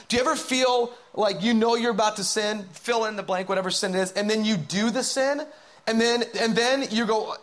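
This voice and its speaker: Man preaching a sermon, high-pitched voice, dramatic swings from loud urging to whispers. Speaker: pastor.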